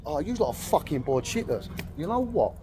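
A man's voice: a little high, big pitch swings, brisk, dark tone, soft background music. Angry, sweary Essex man on the street. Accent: Essex English. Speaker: vlogger filming a police stop. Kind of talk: heated street argument. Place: street outdoors.

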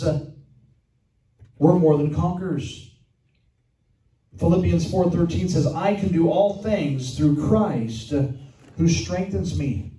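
A man's voice: a little high, mellow. Older male pastor preaching in an echoey church. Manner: earnest, reads scripture and commentary aloud, slows for emphasis. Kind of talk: sermon. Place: church sanctuary. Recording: echoey room, mic from far off.

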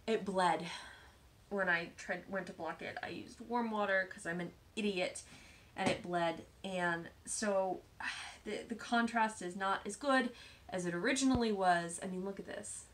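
A woman hosting a knitting podcast, chatting casually as she shows her projects, self-deprecating and often dropping into soft asides. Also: mid-range voice, a little slow. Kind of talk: casual show-and-tell chat.

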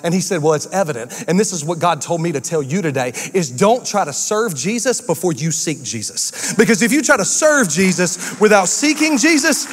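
A male pastor preaching a sermon in a church, acting out quotes with shifts in pitch and pace. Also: big-room sound.

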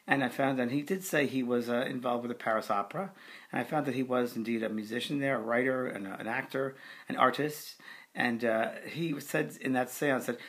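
Middle-aged man, medium, chatty testimonial, filler words, mid-pitched voice. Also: fairly quick, a bit bright. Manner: conversational, with fillers, acting out quoted voices. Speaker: spiritual medium. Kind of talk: video testimonial storytelling.

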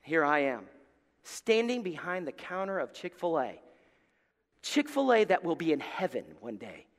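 A man from Alabama with a Southern accent, preaching a sermon in a church and telling a story, moving from hushed tones to loud bursts. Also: a little high, moderate pace, big-room sound. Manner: animated, swings from hushed to loud, acts out voices. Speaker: pastor. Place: church sanctuary.

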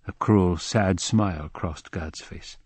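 A man narrating a literary novel with a measured, solemn delivery. His voice is low and somewhat husky, recorded close and dry with no room sound. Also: a little mellow, no echo. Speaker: audiobook narrator.

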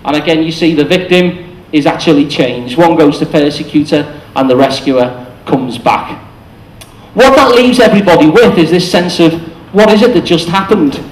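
A man gives a short public talk in a chatty, explanatory way. His voice sits fairly high, and he speaks from the front of a cafe venue. The room adds a noticeable echo. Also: expressive, normal speed. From England. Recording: echoey room.

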